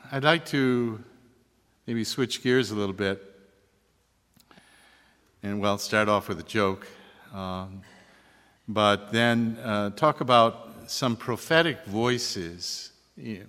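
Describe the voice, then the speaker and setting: An older man, a priest, giving a relaxed, joking talk to an audience. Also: fairly low pitch. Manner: relaxed, joking, chuckles at his own jokes. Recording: long hall reverb.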